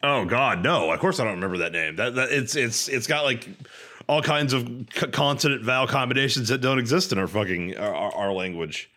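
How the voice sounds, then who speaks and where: A man with an ordinary mid-range voice chats on a podcast. He swears casually and fills his sentences with "like" and "uh". His delivery is loose and animated. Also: mid-range voice, brisk. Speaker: podcast co-host. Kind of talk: casual chat.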